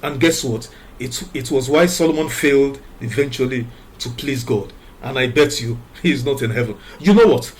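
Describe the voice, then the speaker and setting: A man from Nigeria speaks in an emphatic, preaching way, hammering the same words again and again. His pitch sits in an ordinary middle range. He reads scripture evenly and then poses pointed rhetorical questions. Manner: reads scripture aloud in a measured way. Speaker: commentator. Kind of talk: preachy moral commentary monologue.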